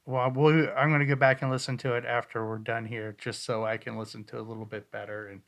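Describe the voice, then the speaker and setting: A man of ordinary pitch chatting loosely on a podcast. He rambles, restarts his sentences and breaks into excited bursts while going over ghost-hunt clips. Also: fast. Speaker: podcast co-host reviewing ghost-hunt audio. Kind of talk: casual chat.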